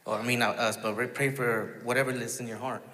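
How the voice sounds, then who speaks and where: A man telling his personal testimony in a casual storytelling way, halting, with many restarts and quoted asides. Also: medium pitch, little pitch movement, bright, forceful tone, in a large hall.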